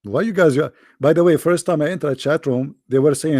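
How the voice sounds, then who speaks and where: A man's voice: a little high, quick pace, hardly any pauses, darkish tone, dry recording, studio quality. A man with joking and rambling in a teasing voice chat. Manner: teasing, rambling, non-native phrasing. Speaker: chat room speaker.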